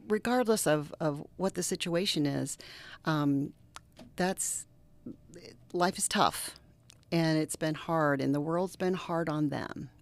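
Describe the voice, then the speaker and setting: A middle-aged woman with a low, gravelly voice, talking in an interview. She tells stories earnestly and with feeling, and often drops to a hushed, almost whispered tone. Her delivery sounds close and conversational. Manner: earnest, animated storyteller who drops to soft near-whispers. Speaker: reverend and guest. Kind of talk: interview conversation with personal storytelling.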